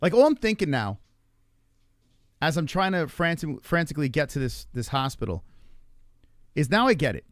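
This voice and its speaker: A man's voice: on the high side, very animated, dry recording, clean studio sound. A man hosting a livestream, telling a story in casual talk, swearing heavily and acting out what people said, with lots of fillers and restarts. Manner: heavy swearing, fast-tumbling retelling with reenacted dialogue. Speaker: livestream host.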